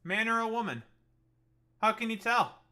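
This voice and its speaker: A man's voice: high-pitched, lively intonation, normal speed, sharp tone. A man streaming live, arguing with his chat in a profane, combative and mocking way. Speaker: political streamer. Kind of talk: livestream argument with chat.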